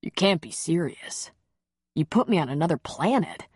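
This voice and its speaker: A woman doing a tender, reassuring man who speaks low and soft. His voice is slightly husky and close, with a dry sound. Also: big pitch swings, moderate pace, no echo.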